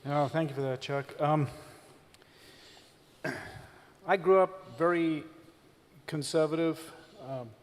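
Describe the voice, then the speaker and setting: South African man with a long hall reverb. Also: a little high. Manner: measured and candid, with frequent pauses and "um"s. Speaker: visiting reverend. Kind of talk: personal testimony in a church service. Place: church stage.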